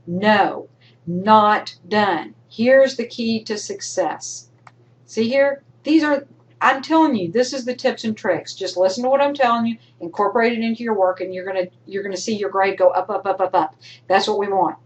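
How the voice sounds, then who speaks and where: A woman's voice: medium pitch, a little slow, low-quality recording. A woman college instructor giving recorded feedback to her students, emphatic and coaching, sometimes acting out imagined student voices. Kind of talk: recorded lecture to online students.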